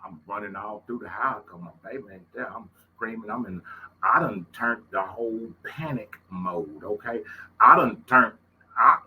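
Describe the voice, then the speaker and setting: A man's voice: fairly low pitch, moderate pace, pushed and bright, a little hiss or hum, low-quality recording. A middle-aged man with a Southern Louisiana accent tells stories in a casual monologue, folksy and emphatic, and he repeats his phrases. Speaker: host.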